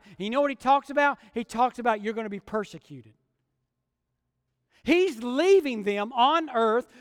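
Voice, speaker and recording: Male preacher, high clear voice, earnest sermon delivery with questions to the room, long hall reverb. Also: fairly bright tone. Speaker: pastor.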